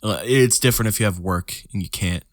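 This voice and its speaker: A young man with a fairly low voice talks straight to his listeners in a loose, meandering rant. He swears freely and trips over his words. The sound is dry and close, with no room around it. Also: brisk, no echo. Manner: rambling, profane, restarts words, sings snatches of songs. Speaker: podcast host. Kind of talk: solo casual podcast rant.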